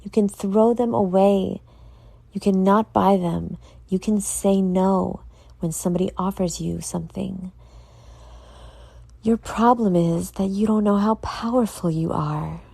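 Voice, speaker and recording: A woman's voice: mid-range voice, unhurried, vocal fry, warm tone, breathy edge, no room sound. A tired, yawning woman hosting a casual solo podcast, earnestly motivating her listeners and speaking to them directly. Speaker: podcast host.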